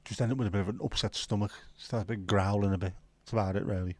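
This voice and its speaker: A man's voice: lowish voice, fairly even intonation, quick pace, a little mellow, no room sound. Cheeky man chatting to viewers. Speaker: livestream host. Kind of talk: casual chat reading viewer comments.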